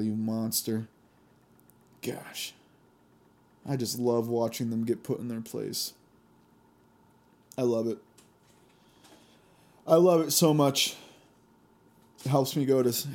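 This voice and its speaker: A young man hosting a casual solo podcast, telling stories in an animated, gleeful way and laughing often. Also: fairly high pitch. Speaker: podcast host.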